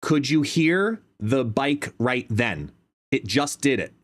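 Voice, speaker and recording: A man hosts a casual live stream from a home gaming setup, talking into a desk microphone without headphones. His voice is middle-pitched and expressive, and he takes things slowly. He chats and explains while testing his mic, shifting between quiet and loud.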